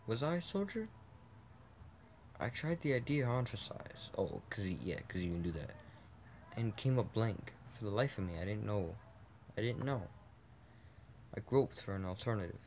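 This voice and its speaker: A man's voice: fairly low pitch, very animated, moderate pace, pauses often, darkish tone, slight background noise. A man reading a text adventure game aloud in a casual let's play, often restarting words and adding asides.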